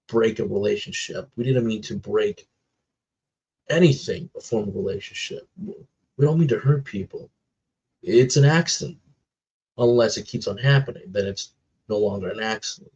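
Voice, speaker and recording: A man's voice: on the low side, a little mellow, breathy edge. A man chatting casually about films, talking in an earnest, emotional way and drawing out his words. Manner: earnest, emotional, drawn-out phrasing. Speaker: co-host of a movie reaction channel. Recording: dull lo-fi recording.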